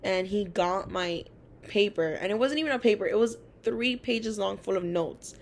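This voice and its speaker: A young adult woman, a college student, tells personal stories from school at normal speed in a medium-pitched voice, with a little hiss or hum in the audio. She's chatty and casual, uses lots of fillers, and quotes other people animatedly.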